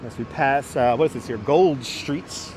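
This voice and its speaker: A middle-aged New Yorker with a light local accent talks with viewers and answers their comments while walking city streets, using a wireless clip-on mic. His voice is medium in pitch, somewhat dark in tone, and a touch slow. Faint outdoor street noise sits in the background of this walking livestream chat.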